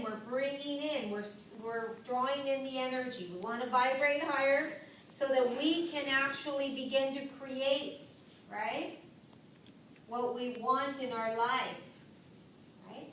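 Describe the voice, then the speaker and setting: Woman, teacher, classroom lecture, high pitch, encouraging, frequent check-ins with students, heavy room echo. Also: a bit bright, a little hiss or hum. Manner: encouraging, checks in with frequent "right?" and "make sense?". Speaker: yoga and health teacher. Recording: echoey classroom from far off.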